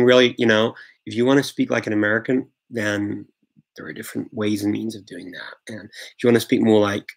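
Low gravelly man, chatty live Q&A host. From England. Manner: chatty, rambling, frequent fillers and restarts. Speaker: host answering viewer questions. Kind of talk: live Q&A chat.

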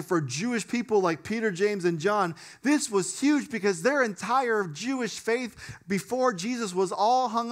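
A young male pastor preaches in a relaxed, conversational way, full of casual fillers. His voice sits fairly high and swings between excited bursts and quiet emphasis. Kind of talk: sermon.

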